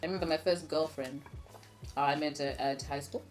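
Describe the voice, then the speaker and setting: Young woman co-host, low deep voice, frank playful banter, faint music underneath. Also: fairly even intonation, brisk. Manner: frank and playful, laughs often. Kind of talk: casual chat over a meal.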